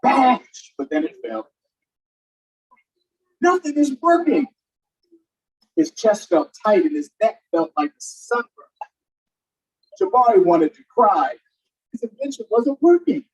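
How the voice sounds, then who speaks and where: A woman reading a picture book aloud for a virtual storytime, animated and inviting listeners to join in. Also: mid-range voice, measured pace, distant mic, low-quality recording. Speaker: storytime reader. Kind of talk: children's story read-aloud.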